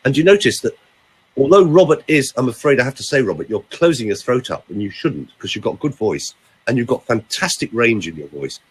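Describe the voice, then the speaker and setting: A man, a vocal coach, talking in a podcast chat and demonstrating delivery with lively emphasis. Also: medium pitch, a little fast, husky.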